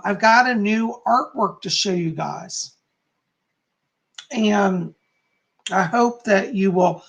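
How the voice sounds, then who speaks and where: This psychic live streamer has a high, slightly bright voice that's gone hoarse; he clears his throat and rambles with lots of fillers while reading out comments from chat in a casual stream.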